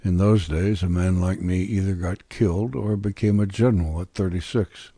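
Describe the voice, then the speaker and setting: A man's voice: sits low, fairly even intonation, normal speed, mellow, slightly rough, no echo, clean studio sound. A man reading aloud as a young, ambitious, scheming peasant-born man, bitter and intense, with defiant outbursts. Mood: brooding. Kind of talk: audiobook character reading.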